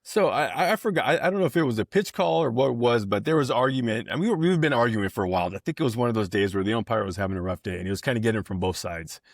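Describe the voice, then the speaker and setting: A middle-aged man, a baseball coach, telling an animated story as a podcast guest and jumping into squeaky voices for the people in it. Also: very fast, vocal fry, hardly any pauses, no echo, studio quality. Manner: animated anecdote teller, voices others with high squeals. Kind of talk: casual storytelling.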